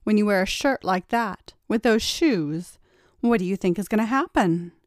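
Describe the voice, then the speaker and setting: A woman's voice: medium pitch, lively intonation, normal speed, no echo, clean studio sound. A woman reading a first-person story aloud, in a teasing, taunting voice. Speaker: story narrator.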